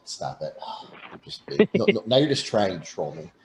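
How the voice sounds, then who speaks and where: A man's voice: fairly low pitch, very animated, normal speed, a little hiss or hum, low-quality recording. A man talking on a radio panel, eager and stumbling over restarts as he chats casually. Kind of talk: casual call-in panel chat.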